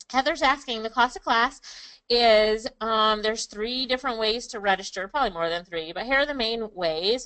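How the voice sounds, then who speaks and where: A woman's voice: on the high side, bright, forceful tone, no echo, low-quality recording. A woman presenting a live online class in an upbeat, chatty way, calling on viewers by name. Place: Kingston, Jamaica.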